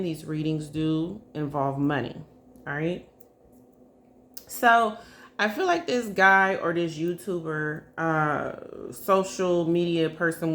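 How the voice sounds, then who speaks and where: A woman's voice: on the low side, a bit bright. A woman giving a casual psychic reading to her viewers, chatty and hesitant, often checking in with "okay?" and "y'all". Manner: hesitant, full of hedges and fillers. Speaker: psychic reader. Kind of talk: casual spiritual reading to camera.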